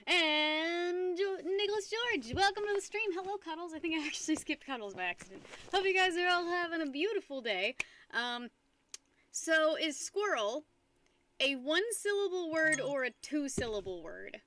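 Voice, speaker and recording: Bright, high-pitched chatty young woman. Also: expressive, normal speed, a little hiss or hum. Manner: chatty, rambling, giggly, greets chat often. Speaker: streamer. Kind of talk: casual live-stream chat. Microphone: desk microphone.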